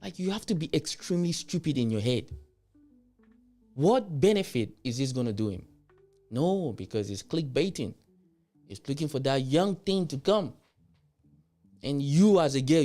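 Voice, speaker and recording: Animated Nigerian man ranting on a livestream. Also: fairly high pitch, moderate pace, long pauses, faint music behind. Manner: blunt, mocking, switches into Yoruba. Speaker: livestream host.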